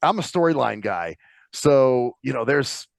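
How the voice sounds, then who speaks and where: A man's voice: medium pitch, expressive, a little slow, gravelly, dry recording, clean studio sound. A man co-hosting a casual interview, chatty and casual, swearing now and then. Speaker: co-host interviewer.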